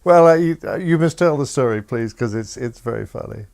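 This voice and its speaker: A man's voice: medium pitch, lively intonation, fairly quick, gravelly, a little mellow. A man interviewing a guest, prompting him kindly with questions and a few hesitant fillers.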